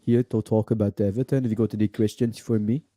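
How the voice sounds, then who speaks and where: A man putting on an older football manager with a French accent who hesitates over every phrase. The voice is low and mellow on a dry mic. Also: steady tone, dry recording, lightly acted. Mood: halting. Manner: halting, hesitant.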